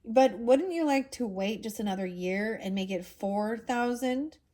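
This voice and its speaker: A woman's voice: a little high, unhurried, dark tone, close to an everyday voice. Woman voicing an old muddled professor, jolly, rambling, storybook reading. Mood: cheerful.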